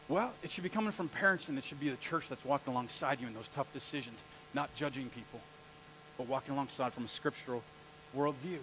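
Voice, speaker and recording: Pastor guy preaching, kinda high voice for a man, tells stories and keeps asking the crowd stuff. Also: quick pace, a little hiss or hum, poor audio. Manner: animated storytelling, asks the congregation questions. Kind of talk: live sermon to a congregation.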